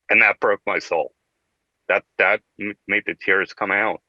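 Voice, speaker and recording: Man, middle-aged, very low voice, dull lo-fi sound, earnest emotional storytelling, interview guest. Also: fairly even intonation, a little slow, bright, forceful tone, no room sound. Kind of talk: candid personal storytelling in a talk-show interview.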